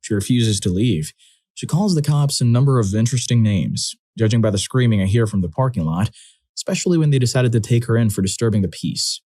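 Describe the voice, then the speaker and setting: A man narrating scripted first-person stories with a steady, wry delivery. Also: medium pitch, brisk, no echo.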